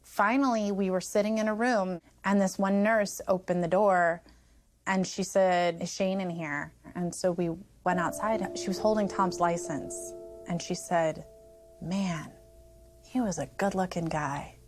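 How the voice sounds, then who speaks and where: A woman's voice: fairly low pitch, steady tone, measured pace, soft background music. A woman recounting events as a friend in a documentary interview, acting out quoted dialogue.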